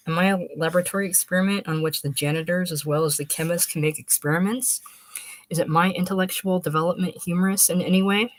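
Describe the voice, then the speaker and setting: A woman's voice: low voice, dry recording, natural voice. A woman reading aloud, voicing a stiff, earnest young male scholar who lectures precisely. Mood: aggrieved. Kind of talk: audiobook reading.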